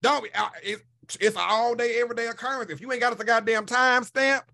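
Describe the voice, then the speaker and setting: A man's voice: very high voice, steady tone, quick pace, creaky, bright, forceful tone. A man hosting a podcast, ranting in casual chat, blunt and heavy on profanity. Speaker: podcast host.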